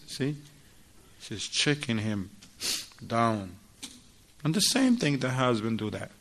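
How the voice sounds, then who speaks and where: A man giving a religious lesson to a class, animated and questioning his listeners directly. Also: medium pitch, slow, long pauses. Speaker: religious teacher.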